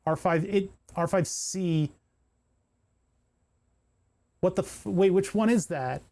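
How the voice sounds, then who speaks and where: Here the man speaks slowly in a high, mellow voice. Soldering on a live stream, he builds an electronics kit, walks viewers through each step, and mutters with annoyance when he can't find parts.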